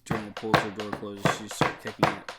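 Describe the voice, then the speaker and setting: Low-voiced man narrating a tabletop game. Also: completely flat delivery, brisk, heavy background noise. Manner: rambling, second-person narration. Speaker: game master.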